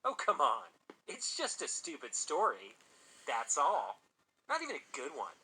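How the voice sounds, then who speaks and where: Man playing a cocky teen boy, fakes high child screams, storybook bully. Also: wildly swooping pitch, measured pace, pushed and bright, slightly rough, heavily acted. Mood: teasing. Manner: taunting, shrill put-on child screams. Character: mocking teenage boy, shrieking in fake terror.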